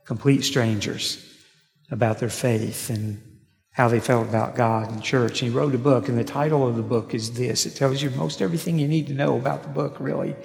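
A man preaching a sermon, telling stories with slow, deliberate pauses, recorded in a church sanctuary. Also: medium pitch, creaky, darkish tone. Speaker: pastor. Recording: echoey hall, long reverb.

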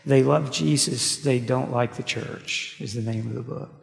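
A man preaching a sermon, telling stories with slow, deliberate pauses, recorded in a church sanctuary. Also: medium pitch, steady tone, creaky. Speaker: pastor. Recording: echoey hall, long reverb.

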